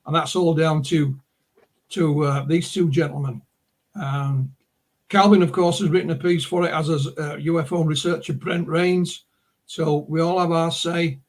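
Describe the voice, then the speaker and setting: Husky man telling stories. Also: a little high, fairly even intonation, measured pace. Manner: rambling anecdotal storyteller, full of asides. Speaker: author and publisher guest. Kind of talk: casual interview storytelling. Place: remote interview call.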